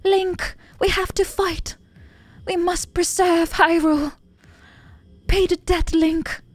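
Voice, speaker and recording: A woman voicing a young fantasy princess with a high, melodramatic, pleading delivery. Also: fairly even intonation, slow, no echo. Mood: dramatic pleading.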